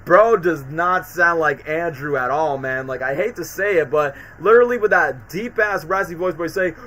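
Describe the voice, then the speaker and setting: A man's voice: a little high, moderate pace, fairly bright tone, rough recording. A man hosting a casual live stream, rambling through his thoughts with lots of fillers and restarts. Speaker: streamer host.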